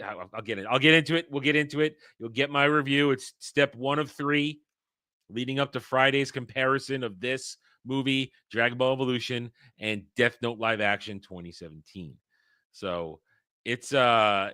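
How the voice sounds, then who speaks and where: Blunt, bright-voiced male streamer. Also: mid-range voice, no room sound, clean studio sound. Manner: blunt, rambling and profane, with frequent restarts. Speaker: livestream host. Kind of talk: casual livestream talk.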